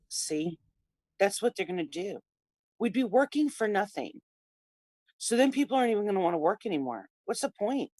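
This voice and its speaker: A woman's voice: medium pitch, moderate pace, long pauses, no echo. Opinionated woman co-host. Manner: opinionated, animated. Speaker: talk show co-host. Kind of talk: casual political talk.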